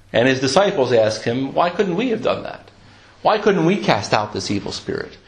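A man preaching a sermon in a conversational way, often restarting his words and clearing his throat. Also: fairly high pitch. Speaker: pastor.

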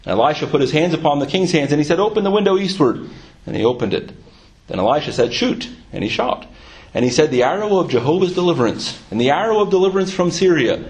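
Fervent preacher man, fairly high voice. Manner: reads King James scripture aloud, then explains it with rising fervor. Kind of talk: sermon with scripture reading.

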